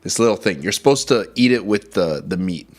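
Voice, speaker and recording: A man's voice: lowish voice, animated, brisk, faint music behind. A man streaming as a vtuber, chatting casually about food and reading chat, switching between English and Mandarin.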